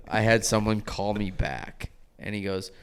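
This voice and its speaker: A man's voice: lowish voice, level tone, unhurried, clear, resonant tone. Laughing young man telling stories. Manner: laughing anecdotal storyteller, casual swearing. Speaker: podcast co-host. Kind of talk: casual comedy podcast chat.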